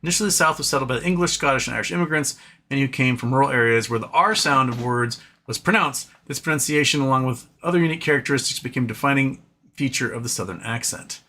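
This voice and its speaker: A man hosting a live stream, talking fast and loosely, with many fillers and restarts. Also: medium pitch, bright, forceful tone. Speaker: livestream host. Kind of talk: casual live-stream chat.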